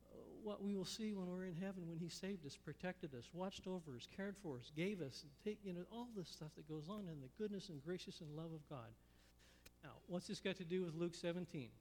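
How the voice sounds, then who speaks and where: A man preaching a sermon in a church, telling stories in a folksy, unhurried way. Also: on the high side, long reverb tail. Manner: folksy storytelling with pauses. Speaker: pastor. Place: church sanctuary.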